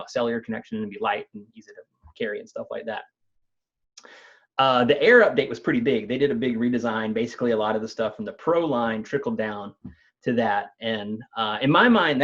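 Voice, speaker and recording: A man's voice: mid-range voice, muffled recording. Man explaining tech news casually. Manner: thoughtful, many fillers and restarts.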